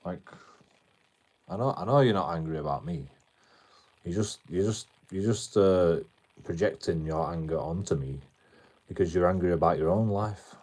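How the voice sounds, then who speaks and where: A man's voice: low voice, normal speed, pauses often, a little mellow. A British man live streaming, arguing with his chat in a combative tone, swearing a lot and repeating himself. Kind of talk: ranting at chat on a livestream.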